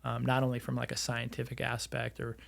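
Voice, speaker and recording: A man's voice: medium pitch, monotone, a little fast, gravelly. A man in his forties on a podcast, telling his story in a rambling casual way with many fillers and restarts. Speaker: podcast guest, real estate entrepreneur.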